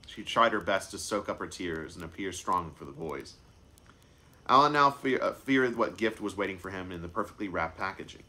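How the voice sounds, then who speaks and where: Deep-voiced man reading his book aloud. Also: lively intonation, moderate pace, bright, forceful tone. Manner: unscripted stumbles and self-corrections. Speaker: author and narrator.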